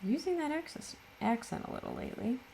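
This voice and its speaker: A woman's voice: high voice, lively intonation, brisk, gravelly, mellow, slight background noise. A middle-aged woman hosting a casual crafting tutorial, chatty and full of self-deprecating asides. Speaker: craft channel host.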